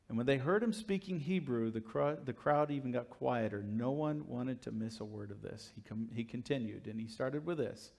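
A male pastor preaching a sermon and telling a story, acting out the crowd and characters in quick asides. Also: expressive, creaky. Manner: swings from loud emphasis to quiet low asides.

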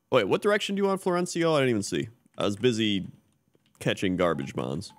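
Laid-back man with a low voice. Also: animated, brisk. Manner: laid-back, wry, muttering reactions. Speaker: streamer. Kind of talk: live game commentary.

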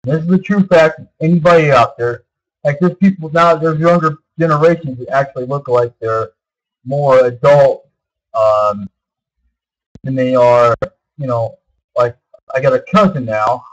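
Vlogger, male, early 30s, husky voice, meandering delivery, dull lo-fi recording. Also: medium pitch, measured pace. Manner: meandering, repeats himself, many fillers. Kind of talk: rambling casual monologue.

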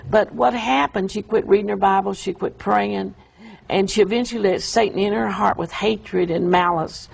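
A woman telling an emotional, halting account of a vision in an interview. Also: mid-range voice, fairly even intonation, gravelly, a little hiss or hum, rough recording. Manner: emotional, halting storytelling with restarts. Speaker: guest describing a vision. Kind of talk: earnest testimony in an interview.

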